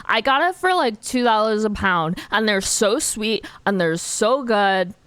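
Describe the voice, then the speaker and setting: A woman's voice: medium pitch, expressive, measured pace, a bit bright, clear, resonant tone, no room sound. A woman streamer chatting casually with her viewers while drawing, giggling often and filling her talk with "like.". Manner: giggly, chatty, lots of "like" fillers; answers viewer chat questions.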